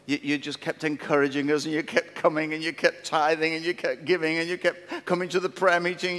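A middle-aged man preaching a sermon as pastor, telling stories in an animated, repeating way with restarts. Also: fairly high pitch, a little fast, hardly any pauses. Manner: animated, repetitive storytelling with many restarts. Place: large former theatre used as a church. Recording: long reverb of a large hall.

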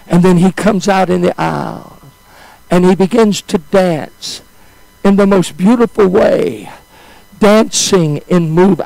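Slow, gravelly high-voiced male preacher. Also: dry recording, low-quality recording. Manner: emotional, swinging from high exclamations to hushed, drawn-out phrases. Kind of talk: sermon storytelling.

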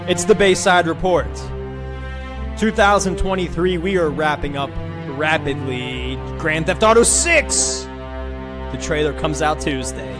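A man's voice: on the high side, fairly even intonation, measured pace, over music. A man hosting his own podcast, talking in a loose, hyped, profane way. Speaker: podcast host. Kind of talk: casual chat.

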